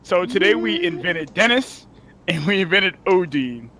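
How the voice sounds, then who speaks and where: A man's voice: sits high, animated, a little slow, pushed and bright. A man co-casting a card game tournament stream, joking with his co-hosts, laughing often and tacking "man" onto his lines. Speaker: stream co-caster. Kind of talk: casual esports stream banter.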